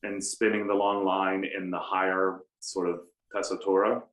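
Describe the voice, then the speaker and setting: A middle-aged American man, an opera baritone, telling animated stories with self-deprecating humor in a conversational interview. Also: moderate pace. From United States. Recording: roomy room echo.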